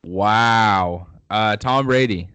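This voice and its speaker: A man's voice: fairly low pitch, extremely slow, pushed and bright, smooth, dry recording. Young man, podcast co-host, upbeat joking banter, dry close mic. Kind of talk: casual sports podcast chat.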